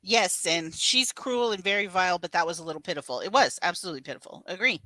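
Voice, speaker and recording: A woman chatting on a livestream with a bright, sharp voice. She talks bluntly and swears freely as she answers comments. The sound is dry and close. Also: fairly low pitch, lively intonation, fast, no room sound, rough recording. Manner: blunt, profane, reads viewer comments. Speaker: livestream co-host. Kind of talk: casual livestream chat.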